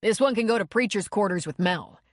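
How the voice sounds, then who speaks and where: A woman narrator voicing a gruff, protective male bar owner, dry and warning. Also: medium pitch, lively intonation, brisk, dry recording, close to an everyday voice. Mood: stern.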